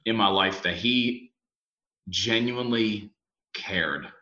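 Young male podcast host, lower-pitched voice, animated storyteller, recorded in an echoey room. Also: slow. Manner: animated storyteller, mimics voices, many fillers. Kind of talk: casual chat. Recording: echoey room, dull lo-fi sound.

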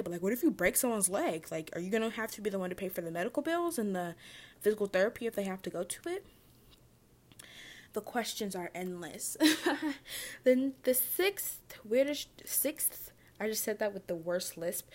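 A woman's voice: mid-range voice, a little mellow. A young woman vlogging casually, reading a list aloud and rambling with many fillers, often stumbling over words and apologizing.

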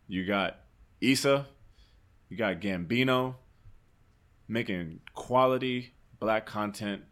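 A man's voice: on the low side, slow pace. Argumentative man in casual chat. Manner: animated, argumentative, swears often.

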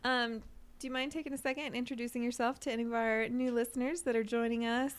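A woman's voice: fairly high pitch, little pitch movement, fast talker. A young adult woman co-hosting a podcast in casual chat, talking loosely and laughing easily. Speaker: podcast co-host.

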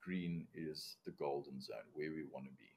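A man's voice: a bass voice, normal speed, vocal fry, darkish tone. A male commercial diver in a casual podcast interview, with a non-native accent, explaining procedures step by step in a blunt way and swearing casually. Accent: non-native English accent.

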